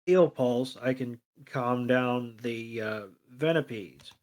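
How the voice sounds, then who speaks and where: A man's voice: mid-range voice, slow, a little mellow, poor audio. Profane, sarcastic podcast co-host man. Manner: crude, profane, sarcastic retelling. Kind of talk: casual recap chat.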